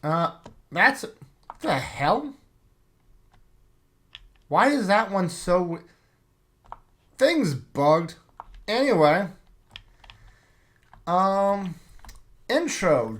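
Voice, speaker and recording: A man's voice: high voice, sing-song, drawn-out words, pauses often, a bit bright. A man hosting a card game playthrough, reading the story aloud with offhand asides. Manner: offhand asides between read passages. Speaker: game player and channel host.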